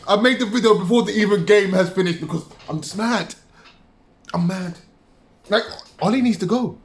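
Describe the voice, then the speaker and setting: A man's voice: high voice, moderate pace, pauses often, reverberant, a little hiss or hum. A man ranting through a live football match reaction, agitated and repeating himself. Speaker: football fan vlogger.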